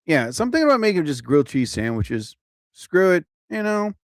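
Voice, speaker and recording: A comedian livestreams from home with the TV on overhead, rambling casually, chatting, cutting himself off, laughing at himself, and yawning a little because he's a bit tired. His voice is fairly high with big pitch swings and a fast delivery. It's picked up by a phone or computer mic, yet it sounds clean and studio-like with no room sound.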